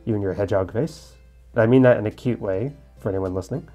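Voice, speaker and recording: A man's voice: fairly low pitch, quick pace, dark tone, faint music behind. A man casually commenting on a game and reading its dialogue aloud, with joking asides. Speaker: let's-play gamer. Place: at home in Korea.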